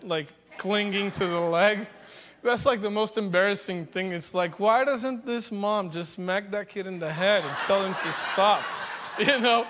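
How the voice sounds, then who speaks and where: A man preaching a sermon in a high, bright voice. He talks conversationally with jokes and builds to loud, emphatic points. The sound carries a long reverb, as in a large hall.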